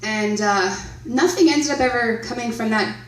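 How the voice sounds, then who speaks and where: A woman's voice: on the high side, moderate pace. A woman in her thirties, telling a story live to a convention audience, chatty, laughing often and asking the crowd questions. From Canada. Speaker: panel speaker at a horror convention. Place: convention centre hall. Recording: roomy, distant live hall audio.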